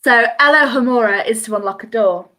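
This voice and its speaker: A woman's voice: on the high side, brisk, sharp tone. A woman hosting a live online quiz from home, chatty and giggly, reading out answers in a sing-song lilt over a video call mic. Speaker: quiz host.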